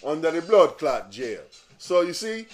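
A man hosting a podcast, ranting casually in profane, animated street slang. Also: fairly high pitch, measured pace. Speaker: podcast host. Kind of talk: casual rant.

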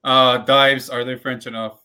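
A bright, tense-toned man co-hosting a relaxed movie talk show. He is animated and quick to laugh, often repeating a phrase two or three times. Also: medium pitch, clean tone. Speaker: podcast co-host. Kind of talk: casual chat.

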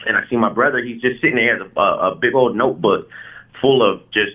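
A man chats through a casual interview, loose and slangy, dropping "you know what I mean" between stories. He talks fast and the sound is narrow and tinny, like a phone call. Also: medium pitch, husky. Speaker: rapper guest. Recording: phone-like lo-fi line.

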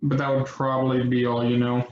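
A man running a tabletop game as game master, narrating in a relaxed way with frequent pauses and ums. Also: mid-range voice, a little hiss or hum. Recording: echoey, dull lo-fi room.

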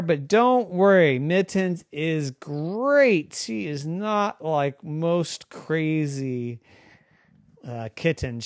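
A man's voice: a little high, dry recording, studio quality. A man doing a chatty kindly lady vet. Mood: reassuring. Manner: friendly, rambling, reassuring.

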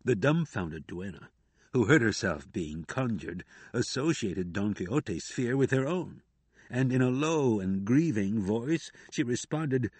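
A male audiobook narrator reads in a measured, steady way. His voice is husky, and the recording is dry and close, at an ordinary pitch for a man. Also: dry recording. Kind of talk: scripted narration.

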